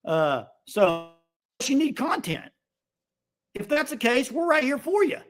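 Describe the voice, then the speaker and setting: A man's voice: very high-pitched, big pitch swings, a little slow. A man co-hosting a live sports podcast, talking in a blunt, firm way and cutting in over his partner. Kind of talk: casual live-stream sports talk.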